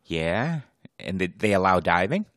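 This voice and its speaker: A man's voice: low-pitched, sing-song, a little slow, a bit bright, no echo, studio quality. A man co-hosting a podcast in casual chat, cracking jokes and finishing his partner's sentences. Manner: joking, chiming in and finishing sentences. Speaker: podcast co-host.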